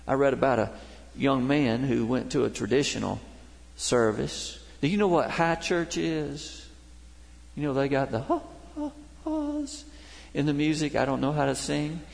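A man's voice: medium pitch, animated, unhurried, vocal fry. An older man preaching a sermon, telling folksy stories and jokes to his congregation. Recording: long hall reverb.

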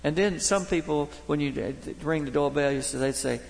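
A Baptist pastor preaching a sermon, telling folksy, humorous stories from daily life. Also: male voice, on the high side, normal speed, vocal fry, hardly any pauses. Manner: folksy storytelling, homespun humor. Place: church sanctuary. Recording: long reverb of a church hall.

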